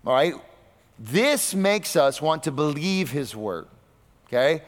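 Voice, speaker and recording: A man preaching a sermon, asking his listeners rhetorical questions and swinging between loud, high bursts and low, quiet stretches. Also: big pitch swings, slow. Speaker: pastor. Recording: long reverb of a hall.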